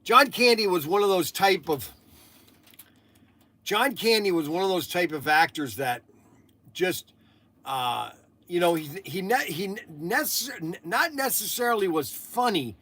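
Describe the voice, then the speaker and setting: A man's voice: sits high, expressive, a little slow, sharp tone. A man hosting a casual livestream, talking in a chatty, rambling way, laughing often and restarting his sentences. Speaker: livestream host.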